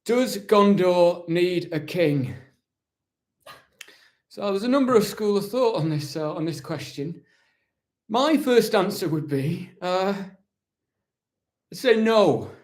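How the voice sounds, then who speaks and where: A man's voice: high-pitched, lively intonation, slow pace, long pauses. A man doing an impression of a proud, weary warrior-captain, talking in a rambling, self-justifying, dryly mock-solemn way during a live question session. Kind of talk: live-stream in-character Q&A.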